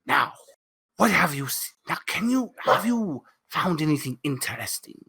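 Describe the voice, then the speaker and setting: A man voicing an overly polite woman investigator, stretching out fawning flattery in a tabletop role-play. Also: fairly high pitch, normal speed, vocal fry, husky, exaggerated voice.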